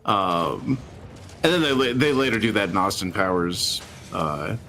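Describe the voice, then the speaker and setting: A man's voice: low voice, sing-song, a little slow, sharp tone, a little hiss or hum. A man co-hosting a podcast in casual chat, rambling with frequent restarts and chuckles. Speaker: podcast co-host.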